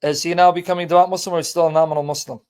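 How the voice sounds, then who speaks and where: A man's voice: fairly high pitch, fairly even intonation, racing, darkish tone, clear, resonant tone. Blunt joking man hosting a call-in. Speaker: host of a live call-in debate. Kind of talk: casual live-stream chat.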